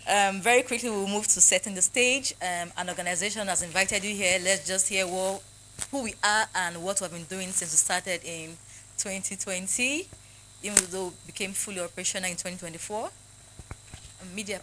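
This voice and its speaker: A Nigerian woman hosting a forum as its convener, a lively emcee who jokes with the audience. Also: mid-range voice, moderate pace, noisy background.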